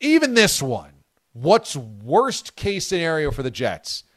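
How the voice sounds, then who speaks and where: A male sports radio host riffs with incredulous, jokey energy, his pitch swinging widely as he talks. The studio sound is dry and close, with no room echo. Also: huge pitch swings, slow pace, fairly bright tone. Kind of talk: sports talk radio banter.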